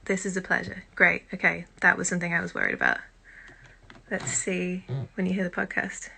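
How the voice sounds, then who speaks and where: A British woman hosting a casual live-stream chat on her phone, chatty and self-deprecating, with quiet muttered asides. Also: lowish voice, huge pitch swings, brisk, gravelly, slight background noise. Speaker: host.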